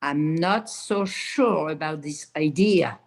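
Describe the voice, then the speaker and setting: Low, slow woman student repeating phrases. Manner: careful, deliberate repetition. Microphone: video call.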